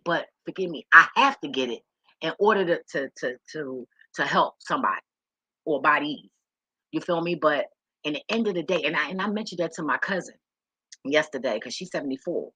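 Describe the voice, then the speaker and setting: Woman vlogging her life story, blunt and sweary, bright forceful tone, dry close sound. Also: on the low side, breathy edge, dry recording, low-quality recording. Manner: frank, profane, repeats words when emotional. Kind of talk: candid personal storytelling to camera.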